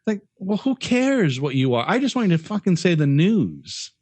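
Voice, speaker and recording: A man co-hosting a podcast who talks bluntly and swears a lot, stumbling over his words as he restarts sentences. His voice sits a bit high and swings widely in pitch. It sounds dry and close, with little room around it. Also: big pitch swings, normal speed, a little mellow, dry recording. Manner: blunt, profane, stammering restarts. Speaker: podcast co-host. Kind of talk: casual chat.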